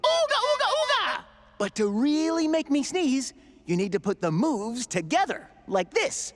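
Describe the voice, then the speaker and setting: A man's voice: very high voice, sing-song, measured pace, big-room sound, full character voice. A man voicing a cheerful male cartoon robot helper who eagerly instructs and encourages in a sing-song way. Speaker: robot sidekick. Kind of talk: children's cartoon voice acting.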